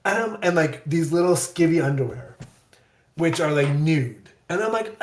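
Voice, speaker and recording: Man, from the Midwest, rambling self-deprecating storyteller, somewhat high voice, echoey room. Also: moderate pace. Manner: rambling, self-deprecating, animated when quoting himself. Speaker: guest actor. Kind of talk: casual storytelling on a live audio chat.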